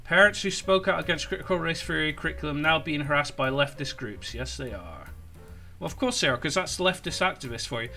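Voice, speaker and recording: In an online commentary video, a male political commentator rants sarcastically and mockingly, rambling and stumbling into restarts. His fairly high voice is expressive, sharp and a little fast, with faint music in the background.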